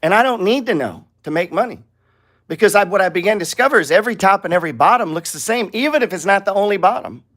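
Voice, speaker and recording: A man's voice: high-pitched, animated, quick pace, fairly bright tone. A man teaching a live trading lesson over charts, blunt and profane, firing off rhetorical questions.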